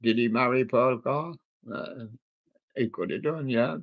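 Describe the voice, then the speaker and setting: Slow, rambling man on a lo-fi stream. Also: mid-range voice. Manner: slow, rambling and jokey, with many ums and asides. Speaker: livestream host reading out a music playlist. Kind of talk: casual running commentary between old songs.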